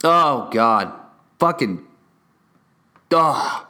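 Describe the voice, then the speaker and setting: A young man casually rants about games and a delivery mix-up, swearing constantly and getting more worked up as he rambles in a restless, excitable way. His voice is medium-pitched and a little slow.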